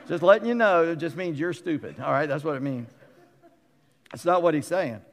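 Gravelly middle-aged pastor in a reverberant hall. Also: male voice, on the high side, a little fast. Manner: conversational and animated, acting out quotes with humorous asides. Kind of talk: sermon. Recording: long reverb of a large hall.

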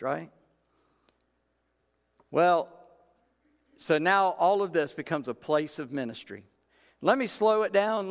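A man's voice: fairly high pitch, smooth. A man preaching a sermon in a folksy, conversational way, acting out Bible characters in everyday talk. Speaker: pastor. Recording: long reverb of a large room.

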